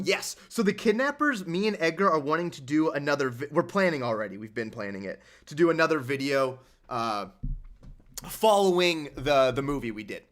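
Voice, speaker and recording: A man's voice: mid-range voice, a bit bright. A young man hosting a casual livestream, rambling and sarcastic as he answers chat. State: injured hand. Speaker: livestream host.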